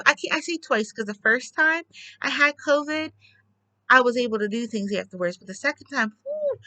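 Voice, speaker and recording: A woman's voice: medium pitch, bright, forceful tone, no echo. A woman chatting casually to the camera at home, rambling with lots of fillers and restarts. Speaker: crafter vlogging.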